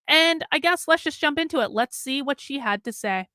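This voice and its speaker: A woman hosting a live stream, giving casual, opinionated political commentary in a fast, blunt manner. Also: high voice, expressive, pushed and bright, no room sound, studio quality.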